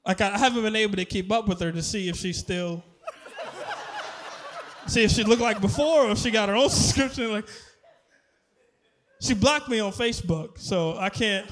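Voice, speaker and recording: A man performing a stand-up comedy set on stage, animated, laughing and shouting at his punchlines. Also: sits high, slight background noise. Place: comedy stage before a live audience.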